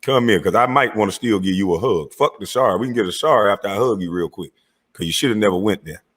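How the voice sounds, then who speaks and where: A man's voice: on the low side, quick pace, a bit bright, slightly rough. A man delivering a heated, profane rant, confronting and calling out rivals by name. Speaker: online commentator.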